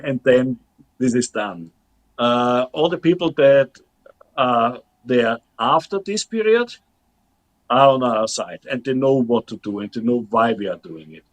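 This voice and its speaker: A man from Austria who is a combat medic instructor, talking as an interview guest in a halting way with many restarts. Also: medium pitch, low-quality recording. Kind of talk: casual interview chat.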